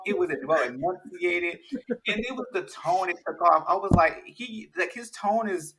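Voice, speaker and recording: A man talking in a casual, animated chat, rambling with many restarts. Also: high-pitched, unhurried, low-quality recording.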